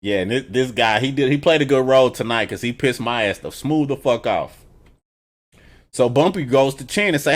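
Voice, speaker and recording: A man's voice: medium pitch, normal speed. Foul-mouthed man recapping a TV episode. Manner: profane, animated storytelling. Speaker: TV show reviewer. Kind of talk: casual reaction review.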